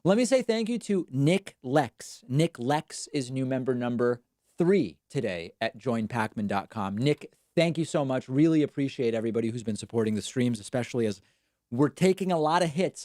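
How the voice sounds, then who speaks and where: A man's voice: mid-range voice, expressive, normal speed, warm tone, no echo, studio quality. A man hosting a live political commentary stream, talking back at clips with sarcasm. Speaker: show host.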